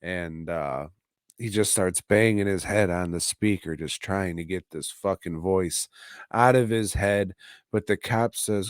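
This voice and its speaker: Slow, low-voiced profane podcast guy. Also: steady tone, clean tone, no echo, clean studio sound. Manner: profane, offhand, slow and drawling. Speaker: podcast host reviewing a TV episode. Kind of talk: casual rambling recap. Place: at home.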